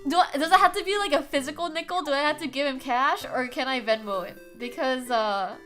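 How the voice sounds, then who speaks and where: Young female streamer, playful and dramatic, high animated voice over background music. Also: a little fast. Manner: playful, dramatic, giggly, teasing. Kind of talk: casual live-stream chat with viewers.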